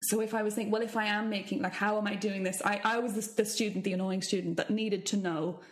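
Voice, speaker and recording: A woman singing teacher in casual chat, animated and curious, with quick asides. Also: medium pitch.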